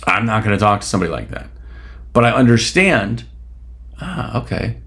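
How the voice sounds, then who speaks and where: A man's voice: on the low side, sing-song, normal speed, a bit bright. A man hosting a solo podcast, talking bluntly and casually with a bit of swearing, and peppering his points with rhetorical questions. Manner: blunt, opinionated, casually profane; rhetorical questions, frequent "right?". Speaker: podcast host.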